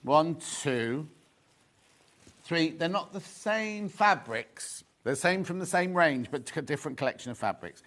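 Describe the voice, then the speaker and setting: Gushing man, fairly high voice. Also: lively intonation, unhurried, a bit bright. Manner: chatty and gushing, repeats phrases. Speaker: shopping show presenter. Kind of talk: live sales chat.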